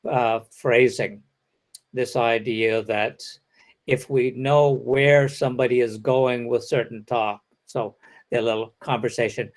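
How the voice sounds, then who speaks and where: A man giving an academic lecture, explaining step by step and acting out example sentences. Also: mid-range voice.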